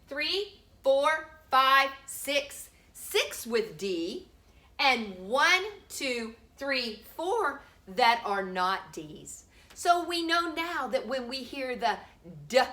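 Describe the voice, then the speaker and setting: A middle-aged woman teaching a home preschool lesson, slowly sounding out letters for small children. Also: on the high side, pushed and bright.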